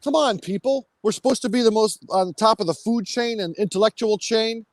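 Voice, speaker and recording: A high-voiced man on a casual livestream rants angrily, swearing constantly. He sounds agitated, and his voice is dry and close with no room echo. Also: fairly quick. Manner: angry, profane ranting. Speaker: guest on a livestream.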